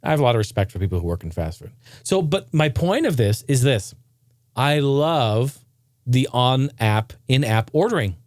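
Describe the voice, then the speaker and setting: A man's voice: medium pitch, normal speed, no room sound, clean studio sound. A man hosting a podcast, talking in a casual, profane rant. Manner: profane, ranting, animated. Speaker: podcast host. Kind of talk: casual ranting monologue.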